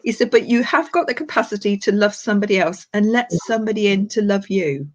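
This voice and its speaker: Medium in pitch and quick in pace, this older woman works as a live-stream psychic medium. She reads and chats with affection, using darling and sweetheart, over dull lo-fi audio.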